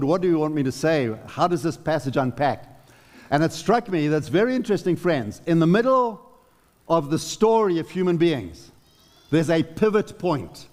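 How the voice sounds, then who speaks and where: A man with a fairly high, slightly mellow voice preaches a sermon earnestly and conversationally, putting rhetorical questions to the congregation.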